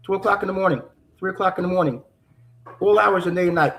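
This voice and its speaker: A man, a judge, speaking as an interview guest in an earnest, halting way, with many fillers and restarts that build in intensity. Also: high-pitched, creaky, fairly bright tone, rough recording. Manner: earnest, halting with fillers and repeats, rising intensity when quoting. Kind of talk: conversational interview.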